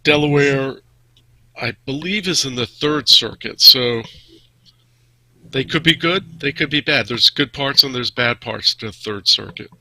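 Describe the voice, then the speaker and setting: A man co-hosting a podcast, talking through news in a measured, plain-spoken way. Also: medium pitch, bright, forceful tone, low-quality recording. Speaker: podcast co-host. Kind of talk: casual news discussion.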